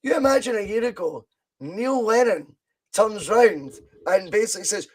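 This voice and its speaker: A Scottish man in his thirties with a high voice rattles on in a casual podcast, excitable and sweary. He drifts from point to point over a video call. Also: moderate pace, breathy edge, poor audio. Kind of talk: casual football podcast chat.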